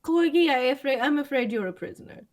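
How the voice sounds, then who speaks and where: High, giggly woman player. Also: expressive, fast, a little hiss or hum. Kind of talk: tabletop game banter.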